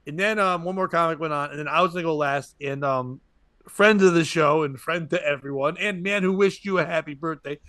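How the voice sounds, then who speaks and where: A man tells a comedy podcast story, rambling from one aside to the next and jumping into other people's lines. His voice sits a little high for a man and comes across bright and forceful. The sound is dry, with no room echo. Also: fairly quick.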